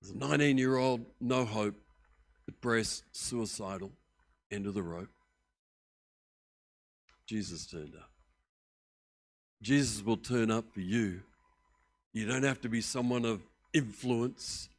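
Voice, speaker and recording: An older Australian man preaching a sermon as pastor, animated and joking in a conversational way. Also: on the low side, slow pace, long pauses.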